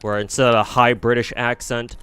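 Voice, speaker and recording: A man's voice: mid-range voice, level tone, fairly quick, pushed and bright, a little hiss or hum. A man streaming a game, rambling through casual commentary with frequent swearing. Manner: rambling, profane.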